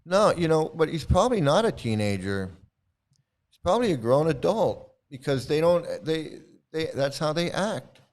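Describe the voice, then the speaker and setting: Combative higher-voiced male streamer. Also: very animated, moderate pace, darkish tone. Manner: combative, repetitive, speaks straight to viewers. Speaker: livestream host. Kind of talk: livestream commentary, answering chat.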